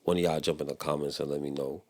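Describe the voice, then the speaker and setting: A young man with an American accent, his voice sitting very low. He talks in a relaxed, meandering way, dropping slang and laughing as he comments on what he just heard. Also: fast talker. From United States. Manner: laid-back, rambling, laughs often, with slang. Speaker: reaction video host. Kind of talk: casual commentary.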